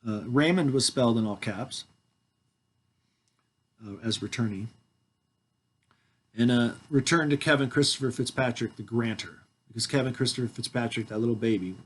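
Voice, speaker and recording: A man in his forties from Washington state speaks into a headset microphone at an ordinary middle pitch. He reads a formal legal declaration aloud, sometimes mumbling or trailing off. He breaks the formal reading with playful, joking asides. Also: breathy edge. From Washington, United States. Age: 40s. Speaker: video host reading his own documents.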